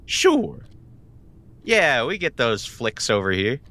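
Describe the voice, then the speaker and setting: A man's voice: medium pitch, sing-song, slow, pushed and bright, exaggerated voice. A man voicing a hard-bitten young woman, a smoking gangster's moll who talks tough and calls people kid. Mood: sassy.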